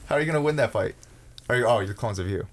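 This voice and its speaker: A man holds forth in a casual podcast chat with friends, steering the talk toward crude jokes. His voice sits at an ordinary middle pitch, and he often talks over whoever else is speaking. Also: lively intonation, rapid-fire, slight background noise. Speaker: podcast co-host.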